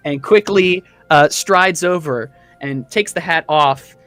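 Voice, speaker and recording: A man's voice: fairly high pitch, slow, fairly bright tone, no room sound, soft background music. A man narrating as dungeon master in a tabletop game, loose and chatty with fillers and laughter.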